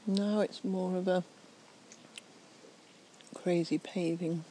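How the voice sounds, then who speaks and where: Near a fountain and some trees at night, a slightly tipsy woman keeps a steady, lowish tone as she slowly whispers a rambling ASMR chat. She's using a portable recorder, and the rough recording has slight background noise.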